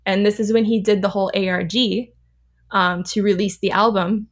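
A woman in her thirties from Southern California, a podcast guest telling a story in a chatty, animated way, laughing often and full of fillers. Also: medium pitch, moderate pace. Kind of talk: casual storytelling.

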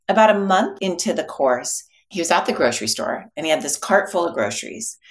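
A woman psychologist as an interview guest, speaking reflectively and telling a story. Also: low-pitched. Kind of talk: interview conversation.

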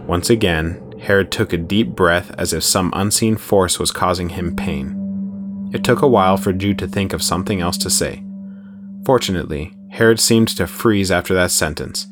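A man narrating a horror story in steady, measured storytelling. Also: low-pitched.

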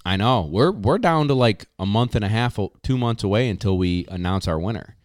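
A man hosting a casual podcast, reading sponsor spots in a hyped, slangy way with drawn-out catchphrases. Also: fairly low pitch, lively intonation, dry recording, studio quality. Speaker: podcast host.

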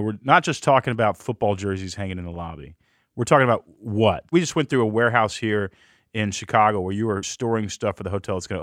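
A man hosting an interview podcast, telling stories with enthusiasm in quick bursts. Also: fairly low pitch, dry recording, clean studio sound. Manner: energetic, storytelling, quick bursts. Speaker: podcast host.

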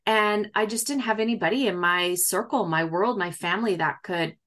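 A woman's voice: medium pitch, normal speed, a bit bright. Chatty woman telling her story. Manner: chatty, acts out quoted dialogue, many fillers. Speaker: guest medium. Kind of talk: casual storytelling in a podcast interview.

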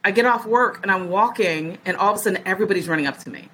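A woman's voice: medium pitch, very fast, a bit bright, breathy edge, rough recording. A woman in her forties, a podcast guest telling a story in casual chat and acting out other people's words as she goes.

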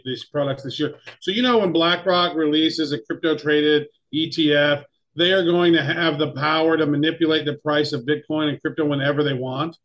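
An emphatic, excitable man co-hosts a casual news chat. His voice sits somewhat high for a man. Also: normal speed, few pauses, dull audio. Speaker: podcast co-host.

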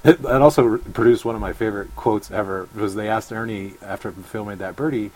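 A man's voice: lowish voice, brisk, hardly any pauses, a little mellow, a little hiss or hum, rough recording. A man appearing as a podcast guest who talks casually and rambles, thinking aloud with many fillers and restarts. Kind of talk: casual chat.

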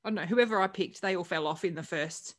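Aussie female podcast co-host, lower voice, animated, slangy storyteller. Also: fast talker. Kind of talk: casual chat.

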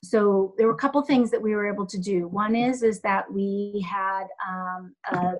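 A woman in a middle register answers interview questions as a health center leader. She speaks thoughtfully, often pausing and filling gaps as she gathers her words. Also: medium pitch, low-quality recording. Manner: thoughtful, halting with many fillers.

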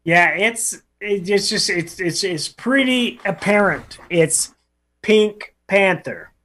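A man's voice: high voice, slow, bright, forceful tone. Plainspoken co-host man who stumbles over words. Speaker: radio show co-host. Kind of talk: casual radio banter.

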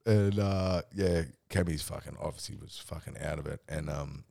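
A man's voice: extremely low pitch, normal speed, gravelly, warm tone. A young Australian man telling a rambling, sweary story on a casual podcast, laughing as he goes. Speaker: podcast co-host.

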